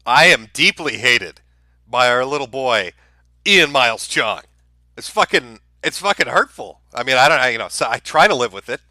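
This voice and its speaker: A man's voice: medium pitch, animated, moderate pace, bright, forceful tone, no echo. A man hosting a live-stream commentary, ranting in a heated, profane and sarcastic way. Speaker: streamer host.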